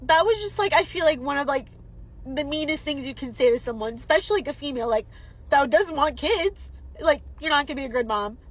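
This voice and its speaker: A woman's voice: high-pitched, expressive, a little fast, poor audio. A young woman, tearful, venting an indignant storytime to camera, exasperated and swearing. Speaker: healthcare worker. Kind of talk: emotional storytime vent to camera.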